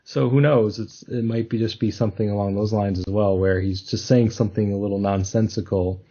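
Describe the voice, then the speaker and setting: A man's voice: fairly low pitch, fairly even intonation, fairly quick, dark tone, dull audio. A man hosting a casual podcast discussion, talking thoughtfully and hesitantly with many restarts. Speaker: podcast host.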